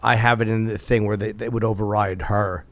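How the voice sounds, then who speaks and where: A middle-aged man hosting a loose conversation between comedians. His voice is gravelly and close to the mic, in a dry room, and he talks bluntly with plenty of profanity and jokes at his own expense. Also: fairly low pitch, flat delivery, brisk, fairly bright tone, no echo. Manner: blunt, profane, self-deprecating. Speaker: podcast host. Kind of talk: casual comedians' chat.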